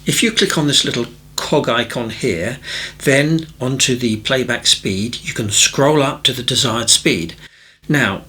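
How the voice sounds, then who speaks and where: A bright, clear-toned man, middle-aged, talks through watercolour questions in an easygoing teaching manner. He pitches at an ordinary level and keeps it chatty, making light fun of himself as he goes. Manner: chatty and self-deprecating, with gentle jokes. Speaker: watercolour tutor. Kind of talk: relaxed tutorial talk answering viewer questions.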